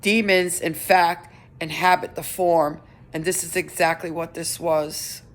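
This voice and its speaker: A middle-aged woman giving a personal update on her vlog, talking in an earnest, halting way with many restarts. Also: fairly low pitch, little pitch movement. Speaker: vlogger.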